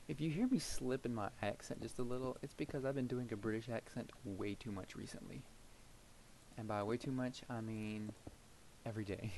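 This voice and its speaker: A man's voice: medium pitch, a little hiss or hum, low-quality recording. Rambling young man narrating gameplay. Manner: rambling, thinks aloud while building, trails off into soft murmurs. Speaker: gameplay commentator. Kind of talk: casual let's-play commentary.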